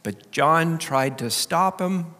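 A man pastor giving a sermon, swinging between loud, urgent preaching and quiet emphasis. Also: on the high side, lively intonation, slow. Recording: long hall reverb.

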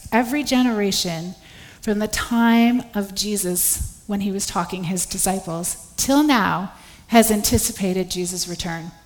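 A woman preaches with a mid-range voice. She tells her stories with lively acted-out voices, and her words ring out with a long reverb through a large hall. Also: medium pitch. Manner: storytelling, acts out quoted voices. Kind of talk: sermon.

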